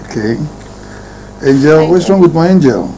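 An actor as a calm doting father. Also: on the high side, normal speed, slight background noise, natural voice, rough recording. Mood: reassuring. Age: middle-aged. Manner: calm, reassuring. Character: middle-aged doting father. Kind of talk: film drama dialogue.

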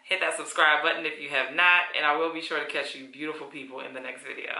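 A woman gushes through a casual wig review, calling her viewers honey and y'all. Her voice is very bright and sharp. The room around her rings with echo. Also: low-pitched, fairly even intonation, quick pace, faint music behind. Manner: chatty and effusive, calls viewers honey and y'all. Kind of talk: casual product review vlog. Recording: echoey room.

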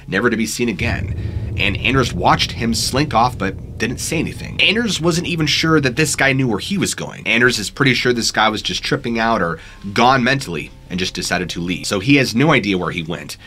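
A man's voice: mid-range voice, animated, moderate pace, pushed and bright. A man narrating scary true stories in a dramatic, suspenseful storytelling manner on a studio microphone.

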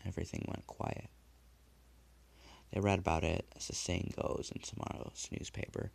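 A man narrating a dark horror story in a measured, hushed delivery. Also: deep voice, level tone, creaky. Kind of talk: dramatic horror story reading.

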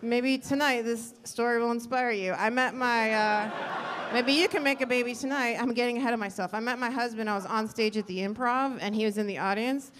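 A woman's voice: fairly high pitch, a little fast, a bit bright, slight background noise. A middle-aged woman doing a stand-up comedy set on a club stage, rambling and self-deprecating, acting out quotes. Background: audience laughter.

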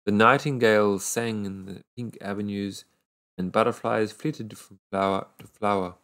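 Low-voiced man reading a fairy tale. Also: steady tone, a bit bright. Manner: unhurried reading with frequent small stumbles. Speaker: storyteller.

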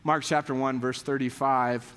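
A man's voice: mid-range voice, normal speed, smooth, long reverb tail. A man preaching a sermon as pastor, telling stories in a casual way and acting out the people in them. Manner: animated storytelling with voiced quotes, many "like" fillers. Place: church sanctuary.

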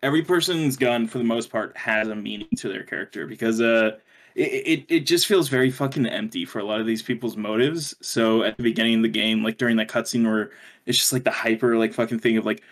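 A man's voice: mid-range voice, fast. Rambling young man, casual chat. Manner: rambling, laughs often, swears casually. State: hiccuping. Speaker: podcast co-host.

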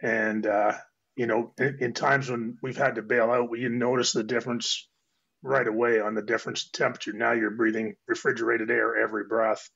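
A man with a cold, hoarse and chatting casually as a guest on a diving round table, rambling and restarting his phrases. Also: medium pitch, little pitch movement, a little fast, a bit bright. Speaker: guest technical diver. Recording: dull lo-fi audio.

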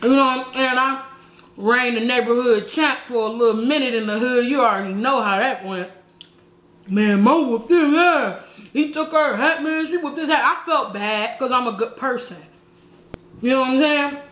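Animated, higher-pitched woman telling a story. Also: normal speed. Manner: animated, slangy, with shouted sound effects. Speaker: vlogger. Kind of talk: storytelling while eating, mukbang. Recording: echoey room with faint background noise.

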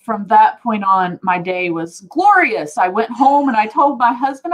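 A woman's voice: on the high side, measured pace, slight background noise, low-quality recording. Earnest woman telling a faith story. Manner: earnest, animated storyteller, laughs often. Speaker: guest sharing testimony. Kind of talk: casual faith talk, storytelling.

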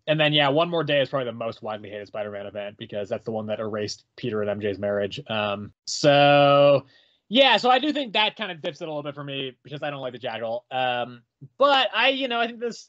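A man's voice: mid-range voice, expressive, a little fast, fairly bright tone. A man co-hosting a casual comic review podcast, hedging with many ums and swearing casually, on a muffled, crackly mic. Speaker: podcast co-host.

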